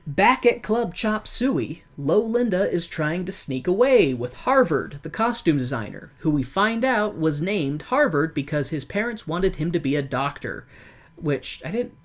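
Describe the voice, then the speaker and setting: A podcast co-host retelling a musical's plot in relaxed, chatty talk. The delivery is loose and rambling, full of likes and restarts, and it turns animated when the characters' lines get acted out. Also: medium pitch, measured pace. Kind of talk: casual podcast chat, recapping a musical.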